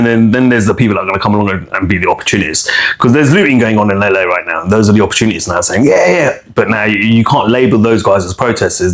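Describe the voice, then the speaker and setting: A man, chatting on a podcast in an animated way, repeating words and using slang. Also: fairly low pitch. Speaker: podcast host. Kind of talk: casual chat.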